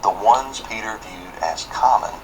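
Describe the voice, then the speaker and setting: A man giving a scripted Bible teaching in a measured, explanatory way, reading out verses. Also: on the low side, expressive, a little mellow, a little hiss or hum, poor audio.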